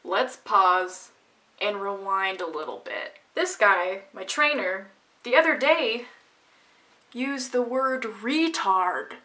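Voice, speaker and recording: A woman's voice: medium pitch, animated, takes it slowly, sharp tone. A woman vlogger telling a story from her own life in a casual, sarcastic, ranting manner.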